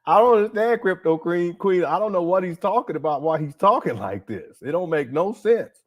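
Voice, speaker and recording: Man, livestream host, casual reaction commentary, lively bouncing pitch, fairly high voice. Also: fairly quick. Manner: animated, laughing, incredulous reactions. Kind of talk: casual live-stream commentary.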